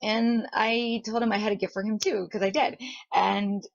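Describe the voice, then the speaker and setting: A woman's voice: mid-range voice, steady tone, normal speed, creaky, no room sound. A young woman telling a chatty vlog story, giggling often and acting out what people said. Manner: giggly, chatty, full of fillers and quoted voices. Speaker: vlogger. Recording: dull lo-fi home recording.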